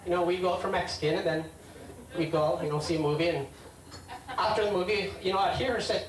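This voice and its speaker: A man's voice: sits high, quick pace. A man doing a stand-up comedy set, rambling and hesitant, talking back to hecklers. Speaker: stand-up comic. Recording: roomy club sound from a distant mic with loud crowd.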